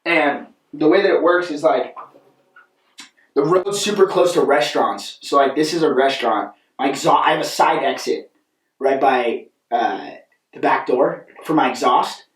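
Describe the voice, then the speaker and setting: A young man co-hosting a podcast, telling a rambling, animated story in casual chat and often asking "right?". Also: medium pitch, normal speed. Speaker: podcast co-host. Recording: echoey room, mic at a distance.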